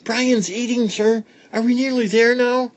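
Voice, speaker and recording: A man voicing a crowd of noisy, squabbling young schoolchildren in a read-aloud storybook, in a high, whiny, excitable chatter. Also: measured pace.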